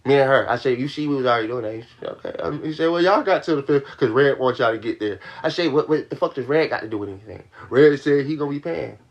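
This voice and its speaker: A man's voice: medium pitch, lively intonation, quick pace, hardly any pauses, dull audio. A young man venting to his livestream audience in a heated, profane rush, repeating his points. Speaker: livestream host. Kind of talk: venting to a live stream audience.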